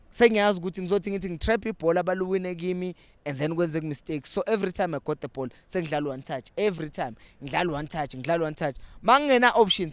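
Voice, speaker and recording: A young South African man with a local accent, giving lively casual commentary as host of a football fan channel. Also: on the high side, clear, resonant tone, no echo. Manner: animated, switching between English and Zulu.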